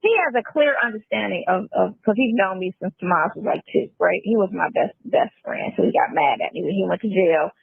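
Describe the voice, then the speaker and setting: A woman with a husky, gravelly voice rambles and restarts mid-sentence in a casual phone conversation. The audio is a tinny phone-call recording. The sound is dry. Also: medium pitch, expressive, no echo. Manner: rambling, halting, restarts, fillers.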